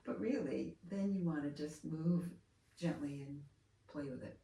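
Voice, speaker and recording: Soft-spoken lady teacher guiding a lesson, warm low tone, faint room hum behind. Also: gravelly. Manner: gentle, soft-spoken, unhurried coaching. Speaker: movement teacher. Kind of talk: hands-on lesson guidance. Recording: roomy, from far off, faint room noise.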